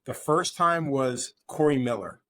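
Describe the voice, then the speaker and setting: A man who is a tattoo artist, telling excited, profane stories in a casual conversation over a remote call. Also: medium pitch, unhurried, no room sound. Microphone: remote call mic.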